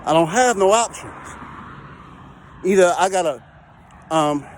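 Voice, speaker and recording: A man's voice: sits high, animated, a little slow, slight background noise. A man talking casually to camera about heavy equipment work, repeating himself and checking in with the listener. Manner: repetitive, conversational, keeps checking in with the listener. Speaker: heavy equipment and recovery operator. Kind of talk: casual vlog talk to camera.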